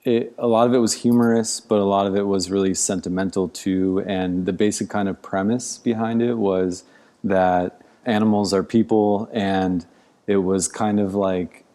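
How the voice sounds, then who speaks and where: A man from the Midwest, an outdoor educator and podcast guest, speaking in a thoughtful, measured way and pausing to find his words. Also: sits low, fairly even intonation, dark tone. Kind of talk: casual podcast interview.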